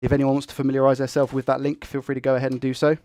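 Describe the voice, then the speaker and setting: A young man who talks fast and excitably while hosting a tech live stream and reading viewer comments. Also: mid-range voice, no room sound. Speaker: tech livestream host.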